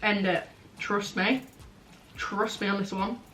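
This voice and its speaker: A woman's voice: mid-range voice, fairly even intonation, slow pace, a bit bright. A blunt young Englishwoman chats through viewer questions with easy frankness, peppering her talk with "like". Her voice sits in a middle register. It sounds roomy and a touch distant, with a faint hiss behind it. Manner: frank, blunt, chatty, many "like" fillers. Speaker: vlogger. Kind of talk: casual chatty Q&A. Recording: roomy, slightly distant, faint background noise.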